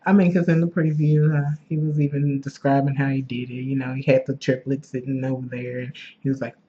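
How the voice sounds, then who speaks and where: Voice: mid-range voice, little pitch movement, fairly quick. A co-host in a casual movie chat who agrees often and chimes in with short remarks. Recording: lo-fi with faint background hum.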